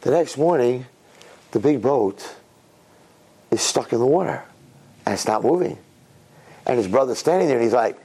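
A man giving an inspirational religious talk on a recorded message. He tells a parable with lively swings between hushed and excited delivery. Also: normal speed, pauses often, slightly rough. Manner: animated storyteller, swings between low and excited. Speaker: Jewish religious speaker. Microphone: recorded tape message.

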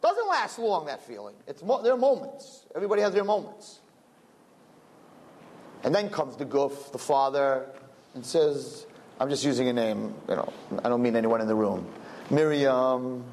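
A man's voice: medium pitch, normal speed. A middle-aged man giving a sermon as a rabbi, telling stories with jokes and acting out voices. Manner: animated, joking, acts out voices.

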